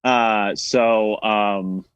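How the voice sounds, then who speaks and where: A man from Tennessee with a Southern accent, a guest actor talking in a wry, self-deprecating way with drawn-out pauses. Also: lowish voice, steady tone, fairly bright tone, clear, resonant tone, no echo, muffled recording. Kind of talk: casual video interview.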